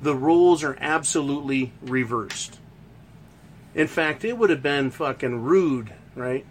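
A man's voice: medium pitch, unhurried, a little hiss or hum. A man delivering a crude, heated opinion rant, swearing constantly and mocking others.

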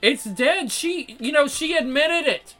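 Over soft background music, a vlogger with a very high, animated voice delivers a swear-laden monologue at a measured pace. His tone is pushed and bright, and he addresses viewers in a crude, repetitive, exasperated way, cursing constantly.

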